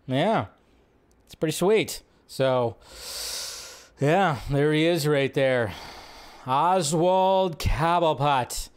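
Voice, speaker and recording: Male livestream host, loose rambling chat, slightly higher-pitched voice, now and then shouts out quoted lines. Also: lively intonation, very slow, pauses often, smooth. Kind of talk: casual livestream commentary.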